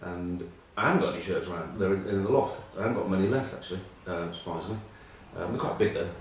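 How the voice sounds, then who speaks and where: Talking fast in a low voice, an English rugby pundit in middle age chats casually, telling rambling rugby stories at his own expense and saying "um" often. The low-quality recording has a distant mic, heavy echo and a little hiss or hum.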